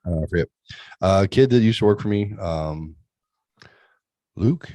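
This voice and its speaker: In this dry recording, a podcast host chats casually, a middle-aged man who wanders through crude jokes about his children and streaming. He speaks a little slowly in a low-pitched, warm voice.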